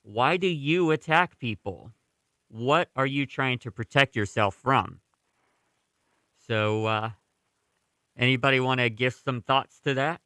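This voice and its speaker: A calm man hosting a radio show, speaking in a measured way. His voice is bright and clean, recorded dry and close. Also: medium pitch, no echo. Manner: calm, measured, reads aloud then discusses. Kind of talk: casual radio chat.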